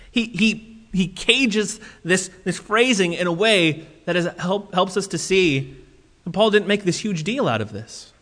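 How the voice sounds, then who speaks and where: A man preaching a sermon as pastor, animated and acting out quotes in shifting voices. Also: high voice, measured pace. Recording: long hall reverb.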